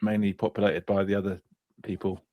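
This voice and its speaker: Guy, lowish voice, dry understated anecdote, close dry mic. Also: level tone, fairly quick, no echo, muffled recording. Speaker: podcast co-host. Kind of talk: casual storytelling.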